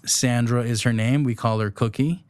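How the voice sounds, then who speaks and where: A man's voice: mid-range voice, steady tone, moderate pace, darkish tone, clear, resonant tone, dry recording. A man in his thirties from the United Arab Emirates, hosting a podcast in a rambling, chuckling, self-correcting way. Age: 30s. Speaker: podcast host. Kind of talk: casual solo podcast chat.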